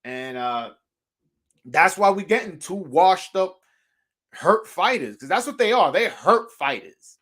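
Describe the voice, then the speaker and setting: A man's voice: high voice, animated, unhurried, a bit bright. A man hosting a call-in boxing show, talking casually and animatedly, cursing freely, laughing and restarting often. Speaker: podcast host.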